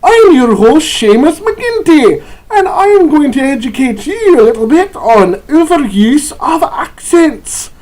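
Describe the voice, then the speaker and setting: Brief: man playing a booming caricatured Scottish host, exaggerated accent, raised pitch, drawn-out words. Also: sing-song, darkish tone, exaggerated voice, poor audio. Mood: hammy, boisterous. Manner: booming, drawn-out showman delivery.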